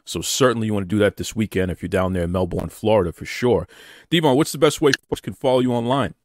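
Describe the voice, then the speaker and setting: Upbeat low-voiced podcast host. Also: male voice, fast talker, a little mellow, a little hiss or hum. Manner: upbeat, promotional, agreeable. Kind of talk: casual podcast interview.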